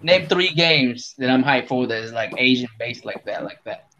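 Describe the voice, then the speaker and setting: A man's voice: medium pitch, animated, normal speed, bright, forceful tone, highs cut off. Challenging man with faint background hiss. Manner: challenging, repeats questions. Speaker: podcast co-host. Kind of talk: casual gaming chat.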